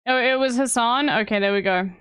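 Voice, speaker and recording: Woman, streamer, chatty, reacting to a podcast, higher voice, smooth and dry. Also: a little fast, fairly bright tone, no echo. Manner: chatty, talks to her chat with repeated "okay?". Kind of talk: casual reaction commentary.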